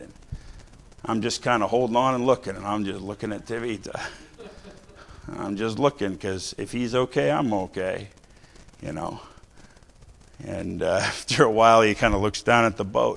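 A middle-aged man preaching a sermon, telling a story from his own life and slowing down to stress key lines. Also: lowish voice, creaky, slight background noise. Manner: storytelling, varies loudness, slows for emphasis.

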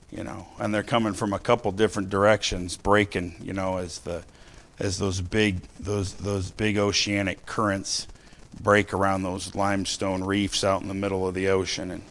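A middle-aged man preaching a sermon, telling a story from his own life and slowing down to stress key lines. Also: deep voice, vocal fry, slight background noise. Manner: storytelling, varies loudness, slows for emphasis.

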